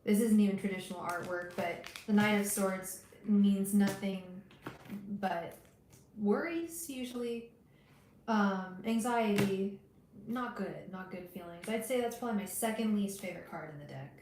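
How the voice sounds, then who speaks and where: A woman hosting a live tarot reading, talking gently and directly to her viewers with frequent restarts. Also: medium pitch, a little slow, echoey room, slight background noise, rough recording. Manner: gentle, soothing, talks straight to viewers; emotional, hesitant restarts. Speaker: tarot reader livestream host. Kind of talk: casual livestream reading.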